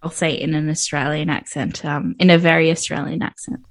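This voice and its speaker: A woman co-hosting a podcast in casual chat, animated and giggly, with many fillers. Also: sits low, fairly quick. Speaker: podcast co-host.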